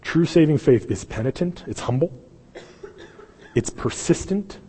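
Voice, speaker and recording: Speaking at a measured pace, this pastor has a slightly rough, a little high voice that trails off in long reverb around the sanctuary. His sermon is lively storytelling in which he plays out the different characters' voices.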